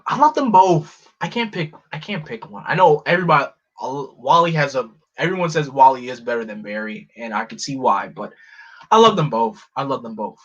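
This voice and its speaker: A man chatting casually on a live stream, excitable and rambling, often restarting his sentences. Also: mid-range voice. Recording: slightly muffled lo-fi audio.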